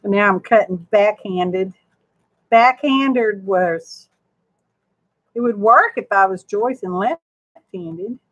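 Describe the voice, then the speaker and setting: A woman with a medium-pitched, slightly bright voice speaks slowly and pauses often as she hosts a live crafting demonstration. Her talk is homey and rambling, directed at herself and her viewers. The recording is muffled, with no room sound.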